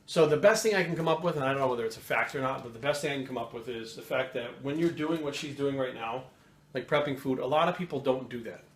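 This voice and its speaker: A man hosting a fitness channel, chatting casually to camera at home in a fast, profane, animated rant. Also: medium pitch. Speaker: fitness coach and channel host. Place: home kitchen. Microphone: camera mic. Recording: roomy echo, faint room noise.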